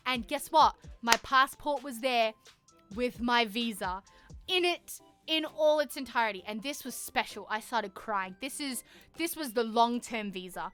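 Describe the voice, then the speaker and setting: A young adult woman streamer telling a story to her chat in an animated, swear-heavy way, often laughing. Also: fairly high pitch, moderate pace, soft background music. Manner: animated, profanity-laced, laughs through the story.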